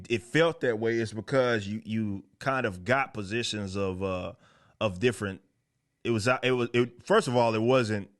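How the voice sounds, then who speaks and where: A man hosting a comic book commentary channel, talking in a blunt, profane, sarcastic way and rambling through self-corrections. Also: on the low side. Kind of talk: casual ranting commentary.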